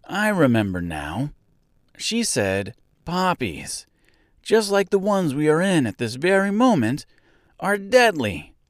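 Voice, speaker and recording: A man's voice: on the low side, wildly swooping pitch, takes it slowly, a bit bright, no echo, clean studio sound, heavily acted. A man voicing an anxious male scarecrow made of straw, talking in a strained, panicky way in a storybook reading. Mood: fretful.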